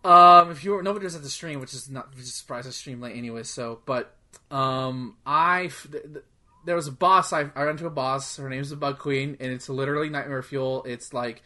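On a relaxed gaming podcast, a co-host with a medium-pitched, bright, forceful voice talks fairly fast. He drifts from point to point, saying "like" a lot and swearing without restraint.

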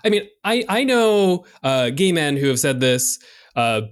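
A man's voice: fairly high pitch, very animated, measured pace, clean tone. Chatty frank male podcast co-host. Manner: chatty, frank, filler-heavy. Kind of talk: casual chat about sex.

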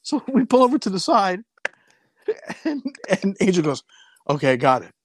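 Animated, profane man telling a story. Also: high voice, normal speed, slight background noise. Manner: animated, profane, acts out voices in his story. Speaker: podcast co-host. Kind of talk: casual storytelling chat.

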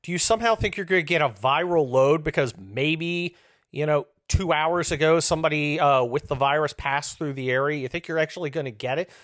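A man in his fifties hosting a show, delivering a profane, sarcastic comedic rant that swings between loud outbursts and low muttering. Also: a little fast, no echo, studio quality. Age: 50s. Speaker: host.

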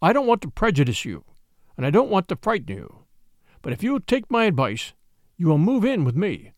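A man voicing a grave, matter-of-fact male ship's doctor who speaks quietly and earnestly. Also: high voice, huge pitch swings, fairly quick, no echo, studio quality.

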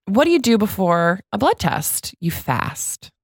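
A woman's voice: medium pitch, unhurried, husky, dry recording. A woman guest co-hosting a podcast, chatting casually and teasing her friend, on a close mic. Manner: teasing and animated. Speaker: guest co-host. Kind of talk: casual chat.

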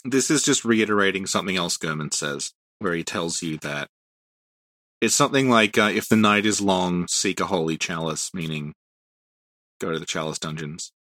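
A man's voice: low voice, moderate pace, a bit bright, dry recording. Man explaining game lore in casual chat. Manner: explains patiently, laughs often. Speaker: podcast co-host.

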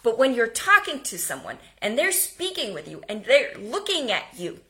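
A woman giving an energetic homeschooling lesson, speaking emphatically and now and then dropping to a whisper. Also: on the high side, normal speed. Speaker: homeschooling teacher. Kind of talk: instructional talk.

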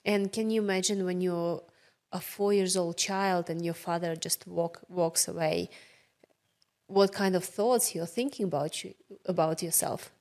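A woman's voice: lowish voice, darkish tone. Russian-accented woman telling her story. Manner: earnest, measured, slight non-native grammar. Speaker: guest. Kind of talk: personal storytelling.

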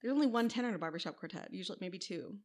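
A woman's voice: mid-range voice, lively intonation, rapid-fire, darkish tone. Woman, from the midwest, podcast co-host, chatty history storytelling, wry asides. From American Midwest. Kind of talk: casual history podcast chat.

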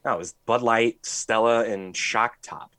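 A man's voice: fairly low pitch, measured pace, sharp tone, dry recording. A man co-hosting a podcast in casual chat, blunt and emphatic, swearing freely as he gives strong opinions. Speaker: podcast co-host.

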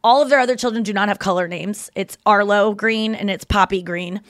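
A woman's voice: medium pitch, brisk, no room sound, clean studio sound. A woman in her thirties hosting a comedy podcast, joking and blunt, with casual swearing. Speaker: podcast host.

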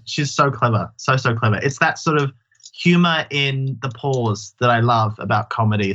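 A man who performs in drag, chatting as an interview guest in an animated, self-deprecating way. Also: mid-range voice, highs cut off. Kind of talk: casual interview chat.

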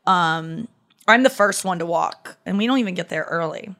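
A woman hosting a podcast, telling a story in a chatty, animated way, full of "like" fillers and wry self-mockery. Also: lowish voice, moderate pace. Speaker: podcast host. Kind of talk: casual comedic storytelling.

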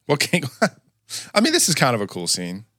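A man's voice: mid-range voice, a bit bright, no room sound, clean studio sound. A man chatting casually while reacting to a movie, with sarcastic, laughing, swearing asides. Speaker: movie commentator.

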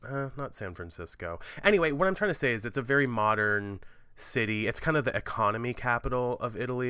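A man's voice: mid-range voice, bright, forceful tone, smooth, no room sound. A man in his thirties co-hosting a podcast, chatting casually and rambling with fillers about a true-crime story. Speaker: podcast co-host.

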